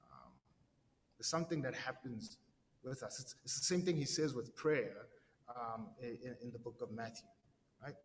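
A man's voice: mid-range voice, animated, moderate pace, big-room sound, slight background noise. A man giving a casual, conversational sermon, slangy and full of "right?" tags and repeated words. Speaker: preacher.

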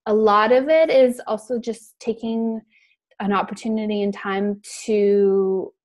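A reflective woman speaks softly and thoughtfully in a casual conversation. She often pauses on fillers as she thinks. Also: mid-range voice, steady tone. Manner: reflective, soft-spoken, many fillers. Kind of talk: casual chat.

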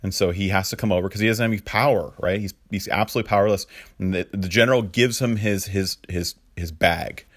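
Man giving a relaxed sermon, lowish voice, dry close sound, chatty and loose. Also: quick pace, dry recording. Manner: casual, lots of fillers and restarts, chuckling asides. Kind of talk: conversational sermon teaching.

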